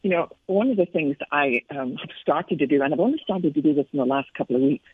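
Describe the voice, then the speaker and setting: Her voice sits low, with lively intonation and a breathy edge, and she talks fast. This middle-aged Scottish Christian author and speaker, an interview guest on a tinny phone line with no echo, earnestly reflects on her faith through personal stories.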